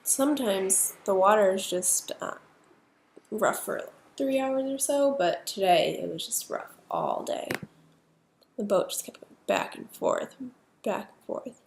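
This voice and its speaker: A middle-aged woman narrates a personal story, pausing and restarting as she reflects. Her voice has a gravelly fry, and it sits in an echoey room with a faint hum of noise behind it. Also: mid-range voice, very animated.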